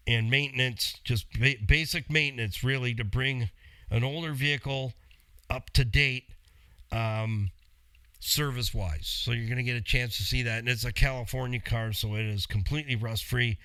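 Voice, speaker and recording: A man's voice: mid-range voice, a bit bright, clean tone, no echo. A man who works as a car mechanic and hosts his own channel, talking casually to viewers with frequent jokes and laughs. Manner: chatty, jokey asides, laughs often. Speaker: auto mechanic and channel host. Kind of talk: casual talk to camera.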